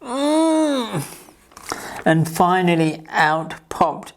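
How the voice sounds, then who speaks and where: A woman reading a picture book aloud to children as a library storyteller, in a slow, gentle, clear manner. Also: deep voice.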